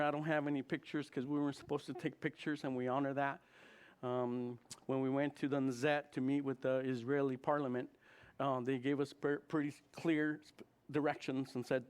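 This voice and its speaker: Animated man in his fifties preaching. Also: fairly high pitch. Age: 50s. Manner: animated, laughs often, acts out quoted voices. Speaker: chaplain. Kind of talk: informal sermon talk.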